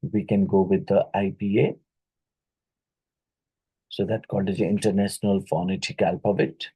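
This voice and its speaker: A man teaching an exam-prep lesson, reading each question twice and pausing with fillers and "right?" tag questions. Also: sits low, flat delivery, dark tone, slightly rough, low-quality recording. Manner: halting, with many fillers and "right?" tags; repeats each question aloud.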